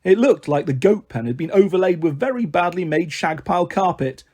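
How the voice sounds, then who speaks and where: Guy reading a kids book out loud, bouncy high voice, a bit breathy. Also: fairly quick. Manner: lively, acts out every character with shifting voices. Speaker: storyteller. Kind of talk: audiobook reading of a children's novel.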